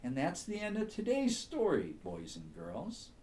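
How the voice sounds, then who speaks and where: Man reading a slow bedtime story. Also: medium pitch, slight background noise. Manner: soothing, slow and very expressive.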